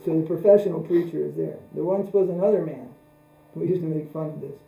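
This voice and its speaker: A man giving a spiritual teaching talk, unhurried and repeating phrases for emphasis. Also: fairly high pitch, vocal fry, mellow. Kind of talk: spoken religious discourse. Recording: roomy echo.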